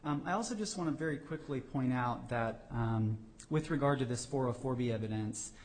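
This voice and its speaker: A man, a government attorney, answering judges in a courtroom oral argument, often pausing with fillers and restarting his sentences. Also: medium pitch. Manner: hesitant, many fillers and restarts.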